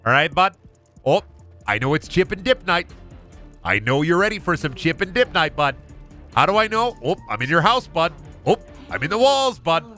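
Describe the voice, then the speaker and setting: A man's voice: on the high side, very animated, moderate pace, pushed and bright, soft background music, voice pushed up. A man doing a chipper Minnesotan possessed man. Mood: folksy. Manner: relentlessly pleasant, says bud constantly.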